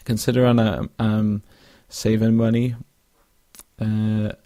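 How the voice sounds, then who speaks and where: A man's voice: fairly low pitch, little pitch movement, takes it slowly, warm tone, no room sound, clean studio sound. A young man hosting a casual solo podcast, rambling with lots of fillers and restarts and yawning now and then. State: yawning, drowsy. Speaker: podcast host.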